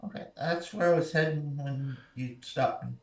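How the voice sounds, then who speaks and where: A man playing a tabletop game, explaining his plans slowly and deliberately. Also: a little high. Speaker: player. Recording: roomy and distant.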